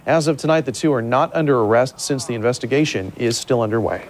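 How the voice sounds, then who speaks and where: A male news anchor reading scripted news stories in a steady, measured way. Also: medium pitch, a little hiss or hum.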